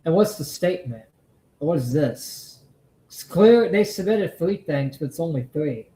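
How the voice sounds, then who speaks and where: Guy on a livestream going off, cursing a lot, mellow darker voice, echoey room. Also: fairly high pitch, expressive, measured pace. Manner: angry, profane ranting. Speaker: stream host reacting to a video. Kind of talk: heated live commentary.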